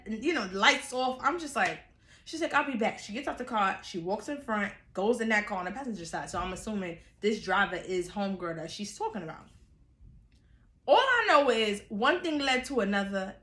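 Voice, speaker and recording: Woman storyteller, casual vlog, animated and chatty, bright voice in an echoey room. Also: on the high side. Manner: animated, chatty, laughs often. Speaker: storyteller vlogger.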